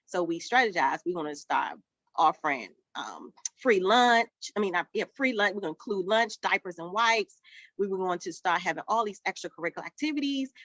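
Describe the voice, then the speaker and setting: With a mid-range voice, a woman who owns a childcare business shares her story as a summit guest, bringing it to life by acting out what people said. The sound is lo-fi, dull, and dry, with no echo.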